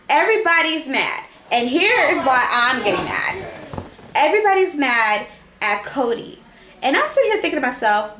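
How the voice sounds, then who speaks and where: A woman's voice: sits high, animated, moderate pace. A woman recapping a reality show as a fan, arguing her points and talking straight to the people she discusses. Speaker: fan commentator. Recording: echoey room with faint noise.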